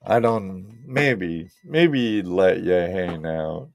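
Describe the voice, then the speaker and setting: Speaking very slowly in a low, gravelly, expressive and slightly mellow voice, this live stream host from Southern California chats casually with his viewers. Soft music plays in the background, with no echo, as he rambles in a relaxed manner straight to his audience.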